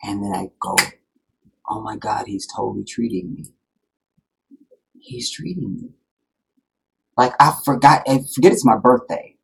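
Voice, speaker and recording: A man's voice: on the low side, normal speed, gravelly, husky, low-quality recording. A man hosting a live stream, telling a personal story to his viewers in a rambling, heartfelt way, full of fillers. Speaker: live-streaming channel host.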